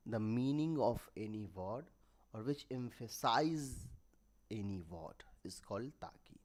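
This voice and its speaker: A man walks through a grammar lesson at an unhurried, deliberate pace. His pitch sits in an ordinary middle range. He halts often, restarting words and correcting himself as he explains and writes out examples. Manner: halting, with restarts and self-corrections. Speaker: online grammar teacher.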